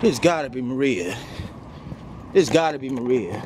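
A man's voice: mid-range voice, expressive, moderate pace, long pauses. A man vlogging in a frantic, pleading and outraged way, swearing often. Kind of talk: frantic vlog monologue. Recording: loud background noise.

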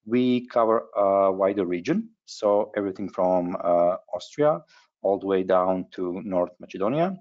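A man with a lowish voice presents a webinar, pausing often and stumbling through his phrases. The sound is dull and lo-fi, like typical online meeting audio. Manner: halting, frequent hesitations. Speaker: webinar host.

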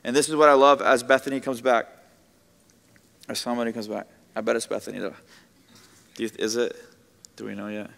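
A male pastor delivers a sermon to his congregation, his voice bright and forceful. He preaches conversationally and slips in joking asides. The sound rings with a long church-hall reverb. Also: mid-range voice, little pitch movement, brisk, creaky, pauses often. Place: church sanctuary with audience.

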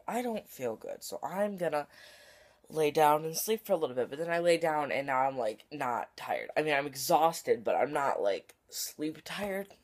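Lively rambling vlogger at home. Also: mid-range voice. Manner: rambling, giggly, often drops to a whisper. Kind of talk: casual chatty vlog.

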